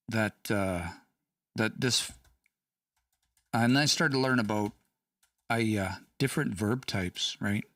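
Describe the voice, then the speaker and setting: A man's voice: fairly low pitch, a bit bright, no echo, clean studio sound, far from the mic. A man teaching language casually on a livestream, chatty, laughing and reading out chat comments.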